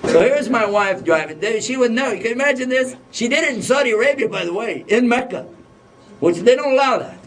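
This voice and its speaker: A man's voice: very high-pitched, lively intonation, a little fast. A man giving an Islamic lecture to a live audience, joking and putting questions to the listeners. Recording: voice a bit distant from the mic.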